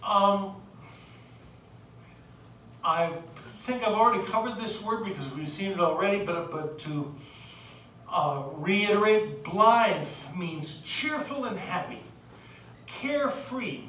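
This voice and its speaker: A woman from the United States lecturing on literature, unhurried and hesitant, filling pauses with "uh" and reading verse aloud. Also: mid-range voice, lively intonation, fairly bright tone, a little hiss or hum. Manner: unhurried, hesitant with many fillers, reads poetry aloud. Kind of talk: recorded lecture. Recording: very echoey room, distant mic.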